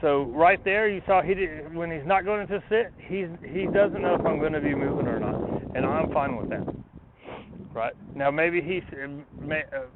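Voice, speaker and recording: A man training his dog outdoors, talking himself through it in a relaxed way between short commands to the dog. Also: on the high side, normal speed. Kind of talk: casual training explanation. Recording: tinny phone-like, noisy outdoors.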